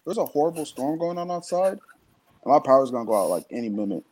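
A man's voice: mid-range voice, big pitch swings, quick pace, darkish tone, a little hiss or hum. Blunt swearing man. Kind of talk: casual chat.

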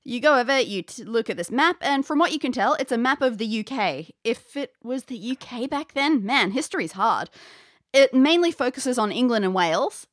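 A woman game master narrates an audio adventure with playful, chatty descriptions. Her voice sits a little high, and the recording is close and dry with no room sound. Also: fairly bright tone, no echo.

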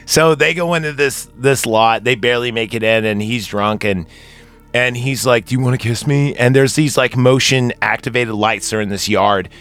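A man's voice: mid-range voice, normal speed, a bit bright, soft background music. Crude, joking male podcast co-host, mid-range voice, casual movie recap. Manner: crude, joking, quotes characters in bits.

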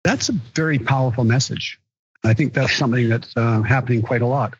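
A man co-hosting a travel podcast, chatting casually in an even, storytelling way. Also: mid-range voice, a little fast, husky, no echo, muffled recording. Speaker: podcast co-host. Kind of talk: casual panel chat.

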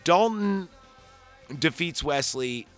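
A man's voice: fairly high pitch, takes it slowly, soft background music. A man hosting a podcast, chatting casually and swearing a lot as he retells a movie in a loose, rambling way. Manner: rambling, profane, animated retelling. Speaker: podcast host reviewing a movie. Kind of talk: casual chat.

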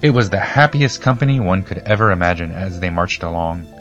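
A man with a low voice reads a children's storybook aloud, steady and expressive. Faint music plays softly behind him. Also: brisk, dull audio. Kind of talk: scripted storybook narration.

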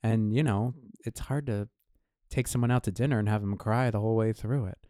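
A man in his thirties co-hosting a podcast, talking in a relaxed, easygoing way. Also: lowish voice, a little fast, dry recording, studio quality. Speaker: podcast co-host. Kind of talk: casual chat.

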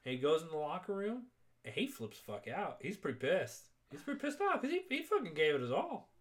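A man's voice: fairly high pitch, brisk. A man casually recapping a movie with a co-host, swearing a lot and acting out the characters' lines. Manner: excitable, profane, acts out quotes. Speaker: podcast co-host.

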